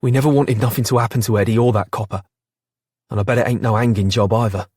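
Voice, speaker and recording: An eager young telegram boy speaks up in a raised voice, as a male narrator does him. The pitch sits well above the narrator's own voice, with a husky edge. It is a dry audiobook recording. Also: animated, a little slow, darkish tone, no room sound. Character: young working-class London telegram boy. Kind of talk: audiobook character voice.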